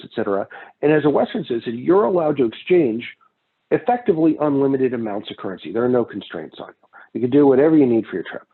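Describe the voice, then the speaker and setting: An economics instructor with a husky, medium-pitched voice lectures in a loose, conversational way, often drifting into personal anecdotes from his travels. The recording sounds thin and phone-like.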